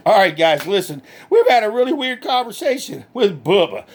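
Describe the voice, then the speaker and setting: A man's voice: sits high, sing-song, moderate pace, husky. A man playing a bemused straight-man interviewer in a comic sketch, often breaking into laughter. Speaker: comedy interviewer.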